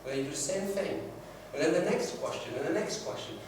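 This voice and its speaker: A sales trainer with a high-pitched voice teaches a classroom workshop at a fairly quick pace, telling stories and acting out the quoted dialogue. The room is very echoey, the mic is far off, and the background is noisy.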